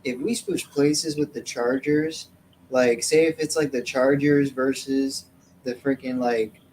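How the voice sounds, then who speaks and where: A man co-hosting a casual sports talk show who speaks in a measured, thoughtful way with many likes. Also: medium pitch, fairly even intonation, a little mellow, a little hiss or hum, poor audio. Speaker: podcast co-host.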